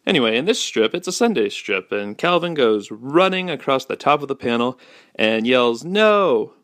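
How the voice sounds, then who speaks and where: A young man hosting a podcast, rambling through comic-strip commentary with deadpan jokes. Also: mid-range voice, normal speed, no echo. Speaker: podcast host.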